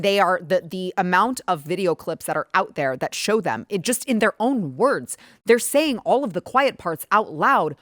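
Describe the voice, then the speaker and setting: A woman's voice: medium pitch, a bit bright, no echo, studio quality. Emphatic American woman hosting commentary. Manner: emphatic, fast, pushes her points hard. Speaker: host. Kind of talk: opinionated political commentary.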